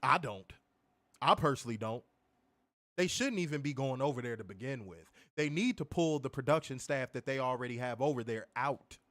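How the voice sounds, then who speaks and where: A man's voice: medium pitch, animated, normal speed, fairly bright tone. A man co-hosting a wrestling podcast, ranting heatedly with plenty of profanity in a casual, fired-up way.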